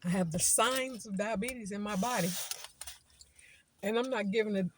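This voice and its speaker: A woman's voice: mid-range voice, moderate pace, a little hiss or hum. A woman talking casually to her viewers, emphatic and repeating words as she lectures, then chats. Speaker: vlogger. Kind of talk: casual vlog talk to viewers.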